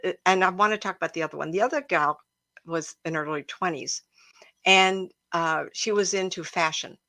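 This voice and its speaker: A woman with a lowish, sharp voice talks at normal speed, with no room sound. As a psychic on a home live stream, she chats emotionally through stories aimed straight at her audience as a cat hops about.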